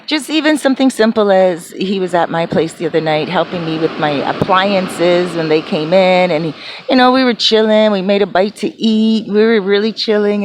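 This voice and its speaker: A woman with a mid-range voice vlogs from her small apartment against a noisy background. She tells a rambling, casual story packed with fillers and restarts.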